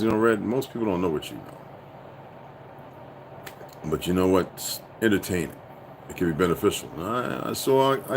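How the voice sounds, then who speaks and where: A man hosting a casual livestream, rambling and profane, dropping from low muttering to loud outbursts. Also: a little hiss or hum. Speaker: livestream host.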